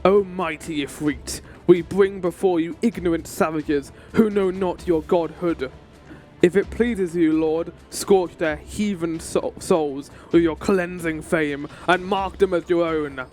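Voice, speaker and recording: A man voicing a fanatical male lizard-folk priest in a slow, grave, ceremonial way. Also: a little high, steady tone, a little mellow, faint music behind, natural voice. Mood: zealous.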